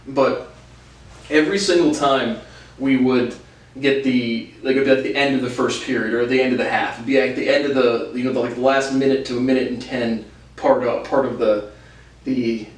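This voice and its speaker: A young man telling casual stories with lots of laughs, restarts and fillers. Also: medium pitch. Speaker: podcast host. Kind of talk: casual storytelling. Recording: roomy, distant from the mic.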